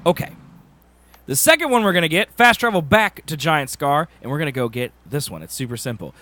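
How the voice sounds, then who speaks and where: A man's voice: fairly high pitch, very animated, a little fast, pushed and bright, no room sound. A man giving a casual gameplay walkthrough, with wry, sarcastic asides. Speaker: game guide host.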